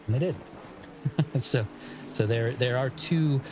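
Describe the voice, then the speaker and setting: A man's voice: mid-range voice, normal speed, background noise. An American man co-commentating on a live sim racing stream, laid-back and analytical, laughing often. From United States.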